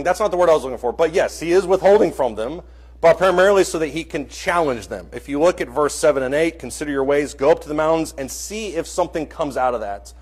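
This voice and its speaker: A man's voice: on the high side, slightly rough. A man leading an interactive Bible class, asking the group questions and calling on students by name.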